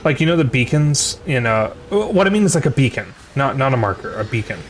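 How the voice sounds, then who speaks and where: A man's voice: mid-range voice, very animated, brisk, slight background noise. A sleepy man streaming a video game, rambling and muttering to himself with frequent restarts. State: sleepy, yawning. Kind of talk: casual gaming commentary.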